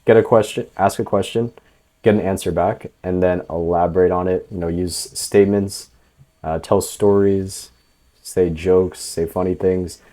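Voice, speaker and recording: A man coaching in a casual instructional voice-over, relaxed and loose, with lots of fillers. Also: deep voice, unhurried. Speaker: dating coach.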